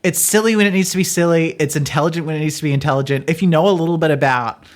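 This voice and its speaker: Excitable woman gushing about movies on a podcast, says like a lot. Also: sits low, racing. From Australia. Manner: enthusiastic, lots of "like" fillers. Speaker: podcast co-host. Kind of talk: casual chat.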